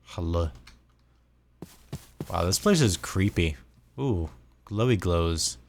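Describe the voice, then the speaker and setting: A deep voice with lively intonation and vocal fry comes from a sleep-deprived American gaming vlogger who takes his time. He rambles casually as he plays, repeating words and drifting between asides, over a little hiss or hum.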